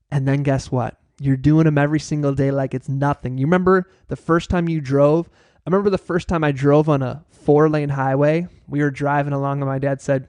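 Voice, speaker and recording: A man's voice: fairly high pitch, fairly even intonation, moderate pace, a little mellow, smooth, no room sound, studio quality. A man hosting a motivational class, talking in an upbeat, playful and encouraging way. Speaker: workshop host.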